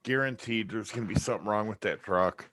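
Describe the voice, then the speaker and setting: A man trading sarcastic, needling jabs in a heated live-stream argument, staying calm and unbothered. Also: on the low side, brisk, slight background noise.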